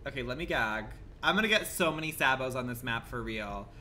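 A man streaming a game live, commenting in a campy, profane way and swinging from low murmurs to shrill outbursts. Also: animated, brisk, pushed and bright, slight background noise.

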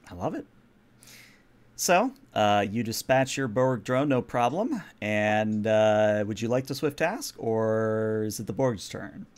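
A man narrating and explaining rules as game master of a tabletop role-playing game, relaxed with frequent fillers. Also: on the low side, slow, clean tone.

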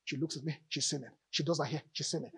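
A male pastor preaching a lively sermon in church, calling out to the congregation and joking between points. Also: on the high side, fast, creaky, husky, no room sound. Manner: animated preaching with audience call-outs and jokes.

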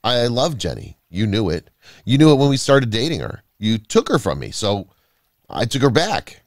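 A man's voice: mid-range voice, big pitch swings, moderate pace, dry recording. Man doing a guilty nervous man, stammering, defensive, storybook character, dry sound. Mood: bitter. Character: anxious guilty man, best friend, nervous.

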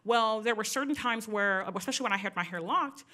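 A middle-aged woman speaks at a panel event, giving a personal talk to a live audience. She's candid and animated, often turning to her listeners with quick asides, and her voice is bright, forward, and fairly high-pitched.

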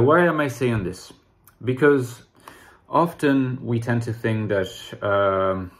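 Male channel host, solo explainer; measured, thoughtful delivery with the odd restart. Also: on the low side. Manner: measured, reflective, with occasional restarts.

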